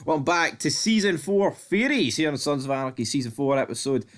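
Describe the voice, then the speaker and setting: A man's voice: fairly high pitch, animated, a little fast. A man co-hosting a podcast, chatting casually in an easygoing, blunt way and swearing now and then. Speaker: podcast co-host. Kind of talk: casual TV recap chat.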